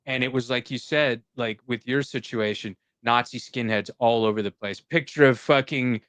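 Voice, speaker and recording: A man hosting a podcast in casual chat, telling an animated story and swearing freely. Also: mid-range voice, normal speed, clear, resonant tone, dry recording. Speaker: podcast host.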